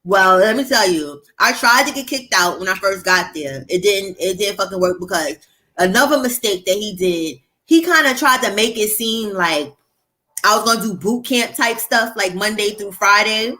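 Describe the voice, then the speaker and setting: A young woman hosting a casual chat, telling a long story in an animated, streetwise, profane way. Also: medium pitch, moderate pace, low-quality recording. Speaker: host.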